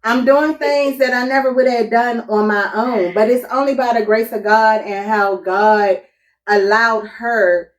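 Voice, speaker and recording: A woman telling a personal story in a casual testimony chat, animated and acting out quotes. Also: on the high side, a little slow, distant mic.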